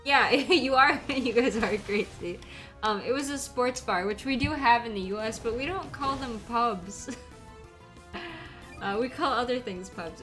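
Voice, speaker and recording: A woman's voice: a little high, a bit bright. A young woman streaming a game, chatting casually and rambling with frequent giggles. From United States. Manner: giggly, laughs often, rambling. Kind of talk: casual chat while playing a game.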